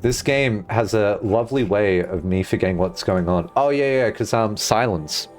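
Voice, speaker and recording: A man's voice: lowish voice, normal speed, faint music behind. A man streaming a game, musing aloud in casual chat and swearing freely. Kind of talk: casual livestream chat while gaming.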